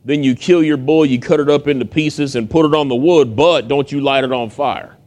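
A pastor delivers a sermon in a mid-range male voice at a moderate pace. He recounts a Bible story with lively, conversational flair and acts out the characters' voices.

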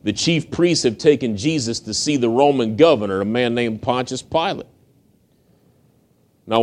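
A man's voice: mid-range voice, darkish tone. A man from the United States preaching, retelling a story in a folksy, conversational way with acted-out quotes. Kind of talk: storytelling sermon.

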